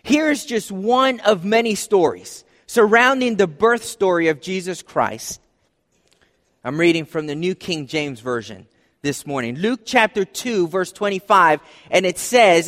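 A man preaching a sermon as pastor, conversational, dropping soft and low for emphasis. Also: animated, unhurried. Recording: long hall reverb.

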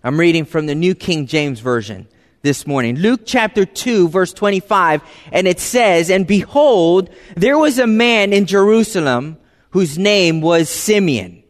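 A pastor with a high voice delivers a sermon in an easy, conversational manner, expressive and at a measured pace. He dips into soft, hushed phrases for emphasis, and his words echo through a long, reverberant church hall.

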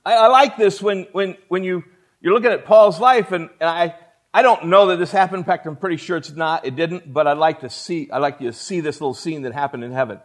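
A male pastor delivers a sermon, folksy and emphatic, speaking straight to the room. His voice sits high for a man. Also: a little fast.

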